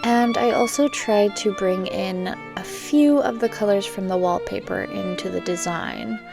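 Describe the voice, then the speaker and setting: Woman, 30s, calm voice-over, gravelly, music clearly under. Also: medium pitch, a little slow. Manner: calm, explaining a design. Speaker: vlogger. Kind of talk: casual voice-over. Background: clear background music.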